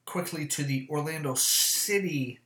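A man chatting casually to camera, rambling and swearing often, with lots of fillers and quick self-corrections. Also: a little high, a bit bright, slight background noise. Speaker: vlogger. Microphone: camera mic. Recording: echoey room.

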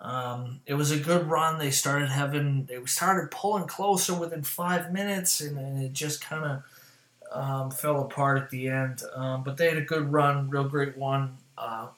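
A man's voice: medium pitch, steady tone, unhurried, a bit bright, reverberant. Rambling, swearing sports-talk host man. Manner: rambling, profane, self-mocking asides. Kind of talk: casual sports rundown.

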